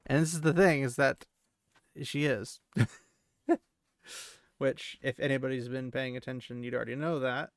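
Chatty man with a gravelly voice. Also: medium pitch, steady tone, moderate pace, long pauses, no room sound, clean studio sound. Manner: chatty, joking asides. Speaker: podcast host. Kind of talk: casual book recap podcast.

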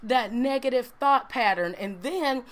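Her voice sits fairly high and she takes her time, hosting a faith-based livestream with a chatty, encouraging manner. She keeps tagging "right?" and "you know" onto her lines in this relaxed, uplifting talk to viewers watching live.

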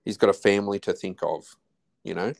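A man's voice: lowish voice, fairly even intonation, fairly quick, creaky. An Australian man in his forties, a podcast guest talking casually, often restarting and trailing off mid-phrase. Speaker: podcast guest, husband of host. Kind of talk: casual chat.

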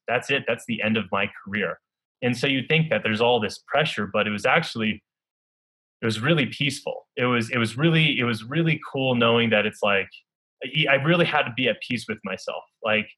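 Young athlete, earnest storyteller, low-ish bright voice, halting with lots of fillers. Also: male voice, poor audio. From United States. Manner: earnest, halting, filler-heavy with many restarts. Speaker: Olympic luge athlete. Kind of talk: personal storytelling.

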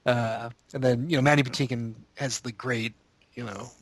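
A man's voice: medium pitch, steady tone, normal speed. A man co-hosting a podcast, chatting casually about films in a rambling, jokey way. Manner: rambling, jokey, fillers like "you know". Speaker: podcast co-host. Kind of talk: casual movie chat.

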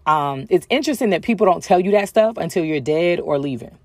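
A woman's voice: fairly low pitch, lively intonation, a little fast, a little mellow, dry recording, clean studio sound. A woman telling a personal story in a casual way, with lots of ums and acted-out bits of dialogue. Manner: chatty, frequent ums, acts out other people's lines.

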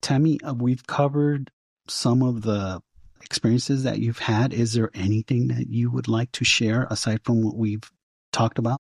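Gravelly-voiced man hosting an interview. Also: mid-range voice, steady tone, moderate pace, darkish tone, no room sound, clean studio sound. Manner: brief back-channel responses. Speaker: host.

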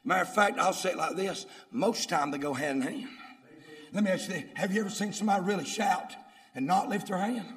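A man preaching a sermon, in call-and-response style, swinging from murmured lines to shouted ones. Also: high-pitched. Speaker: pastor. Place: church sanctuary. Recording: echoey hall with faint noise.

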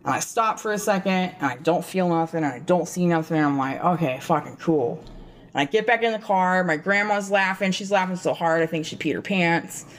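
Low-voiced, profane woman telling a story. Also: a little fast, few pauses. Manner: profane, rambling, animated storyteller. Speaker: podcast co-host. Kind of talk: casual storytelling chat.

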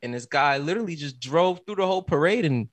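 A man co-hosting a podcast, reading headlines aloud and then talking them over in an unhurried way. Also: fairly high pitch, animated, dry recording. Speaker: podcast co-host reading the news. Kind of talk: casual podcast news segment.

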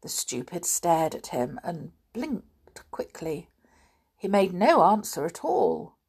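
A woman narrates a children's story at a slow, deliberate pace. Her pitch rises and falls widely, giving each sentence a storytelling lilt. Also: husky. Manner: expressive, unhurried.

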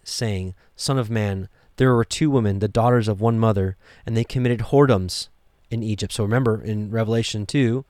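A man's voice: medium pitch, no room sound, clean studio sound. Man reading scripture with fervent asides. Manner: reads verses aloud with rising emphasis, adds pointed asides. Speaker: bible teacher.

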